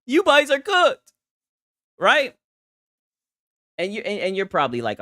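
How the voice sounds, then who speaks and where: A young man talks through gaming news in a loose, profane, mocking way. His pitch leaps all over the place as he reacts. The recording is dry, with no room sound. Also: wildly swooping pitch, unhurried, long pauses, bright, forceful tone, dry recording. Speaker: gaming commentary host. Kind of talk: reaction commentary.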